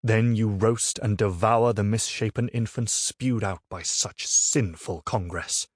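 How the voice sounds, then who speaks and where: A man's voice: lowish voice, measured pace, a little mellow, dry recording, clean studio sound. A man playing a fanatical roaring friar. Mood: furious. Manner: roaring hellfire preaching, then falsely sweet. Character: fanatical male Dominican friar, zealous inquisitor.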